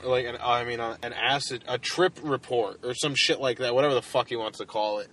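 A man's voice: mid-range voice, moderate pace, a bit bright. Young male co-host, rambling crude comic, filler-heavy, music bed underneath. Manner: rambling, filler-heavy, laughing at own jokes. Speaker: podcast co-host. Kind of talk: crude comedic banter.

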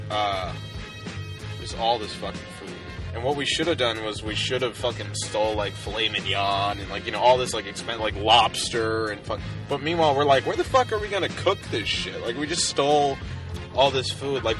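A man's voice: medium pitch, normal speed, music in the background. A young man casually telling a rambling, profane story full of "like," as a podcast co-host. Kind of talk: casual chat.

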